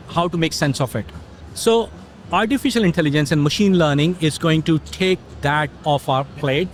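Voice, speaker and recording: A middle-aged man as an interview guest, explaining things in a relaxed conversational way and telling stories with quoted dialogue. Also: a little high, slight background noise. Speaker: interview guest, technology consultant.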